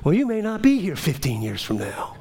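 High-voiced impassioned male preacher. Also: wildly swooping pitch, a little fast, gravelly, darkish tone, slight background noise. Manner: impassioned, rising to urgent high pleas then dropping low. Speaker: pastor. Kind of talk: sermon.

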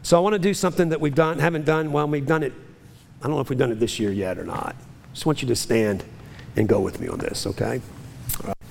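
A man's voice: medium pitch, fast, vocal fry, darkish tone, long reverb tail, slight background noise. A pastor leading his congregation through a spoken confession of faith, declaiming in emphatic rising phrases.

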